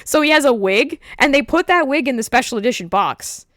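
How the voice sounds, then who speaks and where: A woman hosts a casual livestream chat in a slightly high voice. She tells stories with animated energy and laughs often. Her voice sounds close and dry, with no room echo. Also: brisk. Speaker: streamer host.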